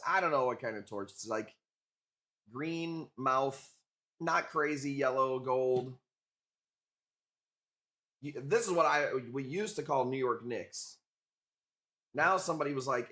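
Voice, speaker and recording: A man's voice: medium pitch, measured pace, pauses often, fairly bright tone. Profane joking streamer guy. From Illinois. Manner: loose, profane, joking banter. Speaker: livestream host selling coral. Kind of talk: casual livestream auction chat.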